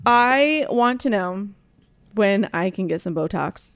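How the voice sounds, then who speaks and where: A woman's voice: medium pitch, expressive, clear, resonant tone, no room sound. A woman co-hosting a casual chat, chatty and teasing, often trailing off mid-thought. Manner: chatty, trails off and restarts, quick to tease. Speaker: podcast co-host.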